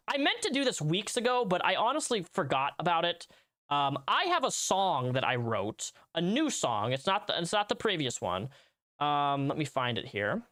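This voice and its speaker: A man's voice: on the high side, fairly bright tone. A man hosting a livestream, talking casually and rambling, often restarting his sentences. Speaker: livestream host.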